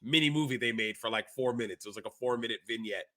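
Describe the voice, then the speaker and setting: A man co-hosting a casual wrestling podcast, animated and telling stories while sick. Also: medium pitch, fast talker, a crowd in the background. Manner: animated storyteller, acts out quotes. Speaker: podcast co-host. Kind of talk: casual chat.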